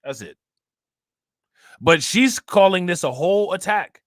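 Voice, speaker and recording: A man's voice: high voice, animated, a little slow, dry recording, studio quality. A man hosting a commentary channel, talking to his viewers in an emphatic, heated way, full of rhetorical questions. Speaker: reaction channel host.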